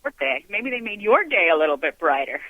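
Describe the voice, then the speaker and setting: A man's voice: high-pitched, sing-song, fairly quick, crowd noise. A man hosting a radio show, chatting casually with a guest and gushing with praise. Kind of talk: casual interview chat. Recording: tinny phone line.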